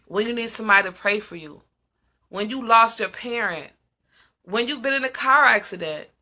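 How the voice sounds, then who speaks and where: Emphatic woman with a bright, ringing voice. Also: a little high, moderate pace. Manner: emphatic, repeats questions. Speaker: host of a live discussion. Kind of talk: casual live-stream talk.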